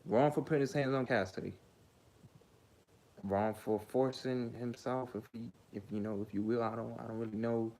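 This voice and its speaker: A man's voice: mid-range voice, steady tone, moderate pace, a little mellow. A man hosting his own commentary vlog, ranting heatedly, stammering and repeating himself. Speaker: host.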